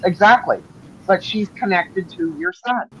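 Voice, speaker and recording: A man in casual chat as a guest, calmly offering advice. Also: high voice, measured pace, a little hiss or hum, low-quality recording.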